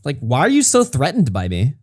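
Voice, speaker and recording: A man streams himself reacting to a critic's video, layering on mocking, sarcastic commentary thick with swearing. His medium-pitched voice swoops wildly as he talks at a brisk clip, and the studio-quality recording carries no room sound.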